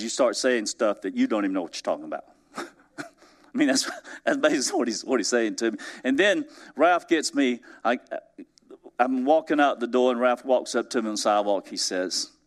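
A man preaching a sermon in a conversational storytelling way, chuckling as he goes and swinging between emphatic rises and soft, hushed drops. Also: medium pitch. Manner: chuckles through his stories. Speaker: pastor.

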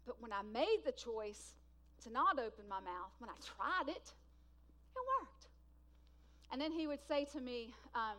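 A woman with a high voice preaches a sermon. She swings between loud, emphatic bursts and hushed lines that she draws out slowly for weight. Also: big pitch swings.

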